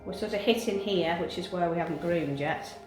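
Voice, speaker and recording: A woman grooming a cat, talking softly and coaxingly while explaining her work. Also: on the low side, a little fast. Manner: soft, coaxing, chatty. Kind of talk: grooming commentary. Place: grooming room. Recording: echoey room with music behind.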